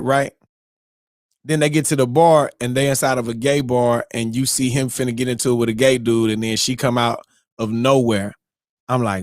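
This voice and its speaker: A man hosting a morning show, telling a story in a lively, excitable way and acting out his own reactions. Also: mid-range voice, no room sound, studio quality. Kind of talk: animated casual storytelling.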